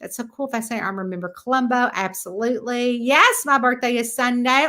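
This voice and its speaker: A woman's voice: fairly high pitch, fast, few pauses, pushed and bright. A middle-aged woman, an author hosting a casual live chat, rambling and chatty with lots of fillers.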